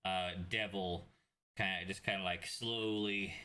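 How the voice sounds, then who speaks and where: A young man runs a tabletop game, his low voice ringing bright and forward. He narrates in a loose, rambling way, stopping often on fillers and restarts. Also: fairly even intonation, measured pace, clear, resonant tone. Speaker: game master.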